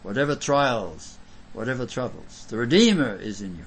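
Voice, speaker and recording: A male preacher giving an emphatic sermon, swinging from loud bursts to soft, low lines. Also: very animated, normal speed, husky, poor audio.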